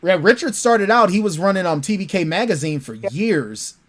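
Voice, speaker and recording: Male author guest on a video call, lively teller, slightly high pitch. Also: normal speed. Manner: animated storyteller, repeats words. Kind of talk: casual interview chat. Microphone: remote call microphone.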